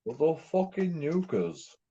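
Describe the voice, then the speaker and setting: A man's voice: fairly high pitch, big pitch swings, slow, dark tone, husky. A man from England, ranting in a rambling, repetitive way and swearing constantly. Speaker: streamer. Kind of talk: profane ranting monologue. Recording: dull lo-fi recording.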